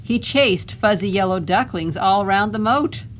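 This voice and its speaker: A woman librarian reading a picture book aloud to children, gently stopping to ask them questions. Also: mid-range voice, expressive, moderate pace, a little hiss or hum, rough recording.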